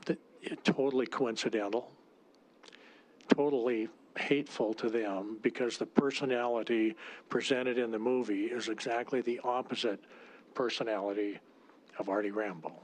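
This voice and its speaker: A man, a state senator, introducing a bill at a legislative committee hearing, speaking haltingly with frequent restarts. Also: mid-range voice, fairly even intonation. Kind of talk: formal committee testimony.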